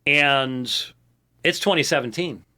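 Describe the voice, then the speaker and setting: An American man hosting a ministry program delivers a casual, rambling monologue to his show's audience, full of fillers and restarts. His medium-pitched voice is bright and forceful, and he speaks at a slow pace.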